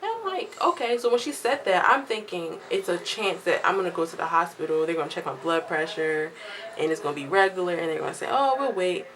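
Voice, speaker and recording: A young woman telling a casual storytime vlog at home, lively and chatty, acting out what others said. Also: fairly low pitch, fast, slight background noise, rough recording. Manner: chatty, animated quoting of others, laughs often. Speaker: vlogger.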